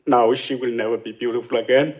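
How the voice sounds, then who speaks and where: An actor with an Italian accent playing a grieving immigrant father seeking justice, speaking in a measured, solemn way, from a film soundtrack. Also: medium pitch, fairly even intonation, lo-fi sound, natural voice. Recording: film soundtrack played in a podcast.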